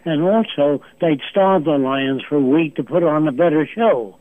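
A man's voice: on the high side, normal speed, dry recording. A man in his nineties, a guest on the phone, lecturing emphatically and pressing his points with rhetorical questions. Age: 90s. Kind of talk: lecturing interview answers. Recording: tinny phone line.

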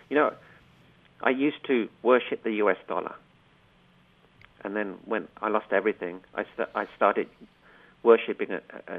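Middle-aged male guest, earnest and emotional, gravelly low voice heard over a phone line. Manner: earnest, emotional, repeats words for emphasis. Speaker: guest, inspirational coach. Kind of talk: heartfelt storytelling interview.

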